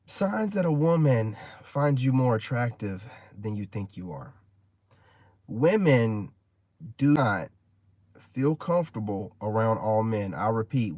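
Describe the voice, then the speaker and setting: A man's voice: a little high, no echo. A man in his forties, a content creator, telling a casual story in a rambling, slangy way full of "you know what I mean.". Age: 40s.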